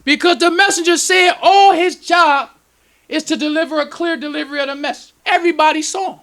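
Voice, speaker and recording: A man, a minister, preaching a lecture at a temple in an excitable, emotional way, breaking into sudden shouts. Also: extremely high pitch, fairly quick.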